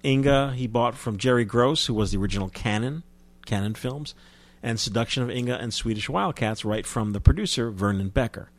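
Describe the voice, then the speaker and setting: A film distributor from New Jersey, appearing as an interview guest, tells stories casually in a medium-pitched, brisk voice. He's chatty and often restarts his sentences.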